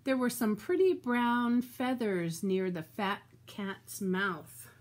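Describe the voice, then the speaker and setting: An older woman with a medium-pitched voice reads a children's storybook aloud slowly and expressively, chatting about the story along the way.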